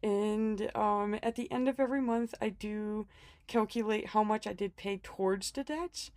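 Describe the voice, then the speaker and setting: In a dry recording, a woman speaks at medium pitch and moderate pace, her voice a little mellow. She's a planner vlogger going over her budget planner casually while sick and out of breath, rambling with lots of ums, small laughs and jokes at her own expense.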